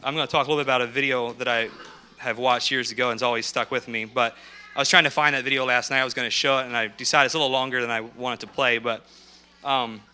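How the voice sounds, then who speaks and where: A man speaking from a podium as a missionary, telling lively anecdotes and acting out what people said. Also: mid-range voice, quick pace, clear, resonant tone. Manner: lively anecdotal storyteller who acts out quotes. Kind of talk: storytelling sermon.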